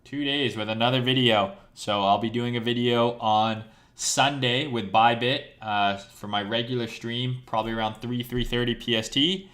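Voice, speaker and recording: A crypto trader on a live stream talks to viewers casually and with plenty of swearing, his voice hoarse and worn after hours on air. He keeps asking "right?" as he rants bluntly. Medium in pitch and a bit bright, he speaks at a moderate pace with even intonation and few pauses while his voice gives out.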